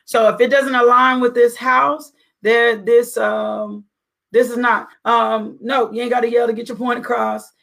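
A middle-aged woman with a fairly high voice and a gravelly edge talks through faith-based parenting. She is earnest and a little preachy. She keeps asking rhetorical questions. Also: little pitch movement, unhurried, a bit bright.

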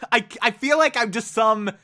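Excitable high-voiced man gushing. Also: unhurried. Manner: excitable, gushing, repeats words for emphasis, acts out quotes. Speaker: TV episode reviewer. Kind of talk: enthusiastic episode recap.

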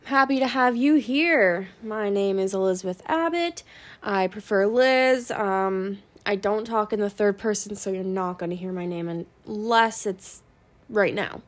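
Slow, rambling young woman podcaster. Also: mid-range voice. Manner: rambling, many ums, frank and swearing. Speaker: podcast host. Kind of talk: casual podcast chat.

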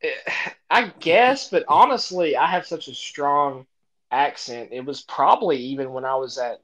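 A man's voice: a little high, unhurried, a bit bright, poor audio. A man with an Appalachian twang, co-hosting a podcast in casual chat, chatty, often laughing, with hesitant fillers. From Appalachia, Tennessee-Virginia border. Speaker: podcast co-host.

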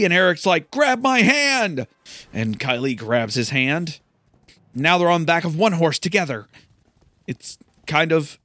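A man's voice: a little high, fairly bright tone, no echo. Chatty gamer man with a dry close mic. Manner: chatty, incredulous, rambling. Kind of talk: let's play commentary.

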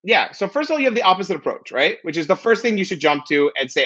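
A husky, bright-voiced man in his thirties chats as a podcast guest, talking fast with lively swings in pitch. He keeps tagging "right?" onto his points, and the audio sounds a bit dull and lo-fi. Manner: animated, fast, repeats "right?". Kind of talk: casual chat.

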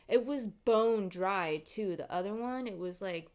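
A woman's voice: on the low side, a little slow. Rattled woman telling a story, swearing freely. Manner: animated, profane, rattled storytelling. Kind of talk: casual storytime monologue.

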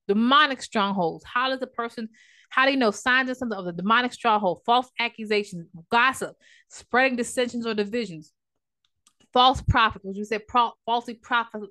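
A woman preacher delivering a sermon, emphatic at times and dropping to a hush for storytelling. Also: fairly high pitch, normal speed.

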